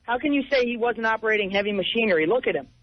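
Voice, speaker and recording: A man's voice: high-pitched, racing, no room sound. A man calling in to a radio show and scornfully insulting a staff member. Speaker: caller. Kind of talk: phone-in call. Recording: dry dull broadcast audio.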